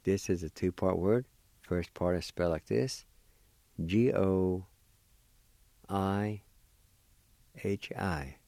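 A man teaching a language lesson, spelling and pronouncing words slowly and patiently, letter by letter. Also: low voice, gravelly, warm tone, no echo. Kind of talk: slow spelling and pronunciation lesson.

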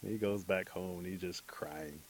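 Gravelly-voiced man telling a folk tale. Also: deep voice, moderate pace, rough recording. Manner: relaxed, chuckling, acts out characters. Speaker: storyteller. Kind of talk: oral folk tale storytelling.

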